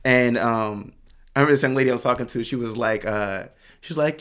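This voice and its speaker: A man hosting a casual podcast chat, talking loosely with lots of "like"s and getting animated as he tells stories. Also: medium pitch, quick pace, clear, resonant tone. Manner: loose, filler-heavy storytelling with many "like"s; animated when telling anecdotes. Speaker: podcast host.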